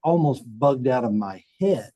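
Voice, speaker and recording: A man, a bank chief telling stories in a relaxed interview, folksy and often repeating words as he acts out quotes. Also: medium pitch, a little slow, low-quality recording. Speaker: bank CEO, podcast guest. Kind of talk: casual storytelling interview.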